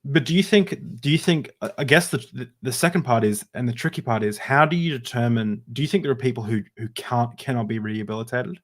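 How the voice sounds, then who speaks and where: Casting: male podcast host, mid-pitched, hesitant, restarts his questions. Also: fast, hardly any pauses. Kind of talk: casual interview talk.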